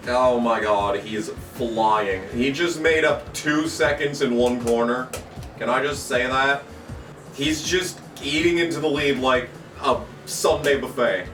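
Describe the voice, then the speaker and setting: A man commentating his own racing video game play, cursing freely and swinging from excited shouting to frustrated ranting. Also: mid-range voice. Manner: excitable, profane, shouts during the race; grumbling, frustrated rant. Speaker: gaming YouTuber. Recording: roomy echo, distant from the mic.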